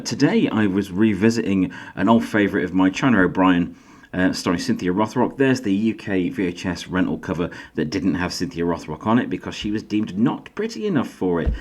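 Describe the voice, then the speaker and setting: A middle-aged YouTube host and author from Yorkshire, England, runs a loose, chatty solo vlog in a faded Yorkshire accent. He pokes fun at himself now and then, and his low voice leaps sharply in pitch when he gets excited.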